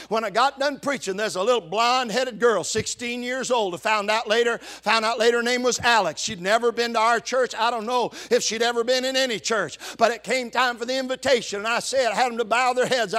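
A man preaching a sermon as pastor, telling stories and building to fervent, shouted preaching. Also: sits high.

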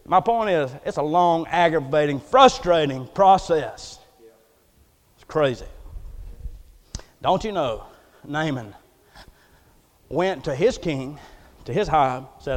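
A man's voice: on the high side, animated, takes it slowly, long pauses. A man preaching a folksy, storytelling sermon in a church, acting out the quotes as he goes. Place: church hall. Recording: echoey hall.

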